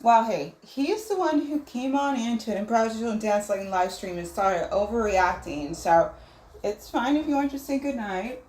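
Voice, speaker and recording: A woman's voice: on the high side, animated, normal speed, a little mellow, a little hiss or hum. A woman hosting a casual livestream, reading viewer messages aloud and musing on them. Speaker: livestream host. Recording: roomy echo.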